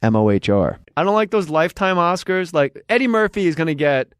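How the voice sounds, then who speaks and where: In a slightly high, clear and resonant voice, recorded dry, a middle-aged man runs a comedy podcast at a fairly quick clip. The talk is casual and jokey, includes a host-read ad, and is peppered with animated put-on quote voices.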